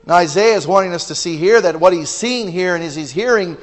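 High-voiced fervent male preacher, echoing hall. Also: brisk. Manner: swings from fervent shouting to quiet teaching. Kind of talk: sermon. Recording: long reverb of a large hall.

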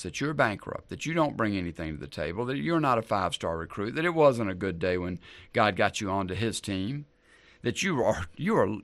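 A man's voice: medium pitch, creaky, fairly bright tone, no room sound. A man preaching a sermon as a pastor in an easygoing, conversational way, repeating key lines for emphasis.

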